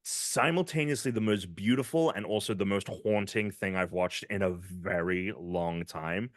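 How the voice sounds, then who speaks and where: A man's voice: deep voice, normal speed, no room sound, clean studio sound. A British man co-hosting a casual gaming podcast, rambling with lots of fillers as he enthuses. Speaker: podcast co-host.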